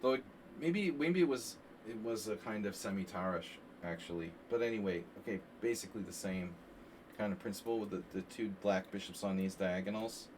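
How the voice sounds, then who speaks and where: A chess coach streaming a lesson live comments casually on games in a lowish voice, talking a little fast. He's rambling and animated, saying "like" and "you know" a lot, picked up by a distant mic with faint background hiss.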